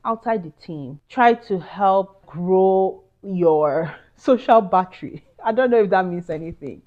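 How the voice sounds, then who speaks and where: A woman's voice: on the low side, darkish tone, highs cut off. Earnest Nigerian woman giving career advice. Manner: earnest, emphatic, chatty with asides. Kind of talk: casual advice talk to camera.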